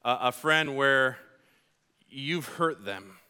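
A middle-aged man preaching a sermon as pastor, earnest and animated, acting out his own frustrated outbursts when he tells stories. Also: medium pitch, slow, clean tone.

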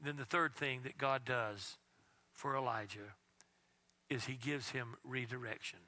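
A man preaching a sermon as pastor, reading scripture aloud and at times dropping his voice to a hush. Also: medium pitch, fairly even intonation, measured pace. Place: church.

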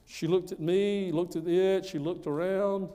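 American guy preaching his testimony, kinda high voice, keeps repeating stuff for punch, big echoey hall. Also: steady tone, unhurried, warm tone. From United States. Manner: emphatic, repeats phrases for effect. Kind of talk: storytelling sermon.

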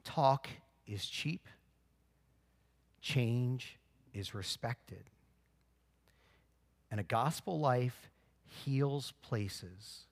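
Animated male pastor preaching a sermon. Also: mid-range voice, slightly rough. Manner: animated storytelling, shifts from loud exclamations to quiet earnest emphasis.

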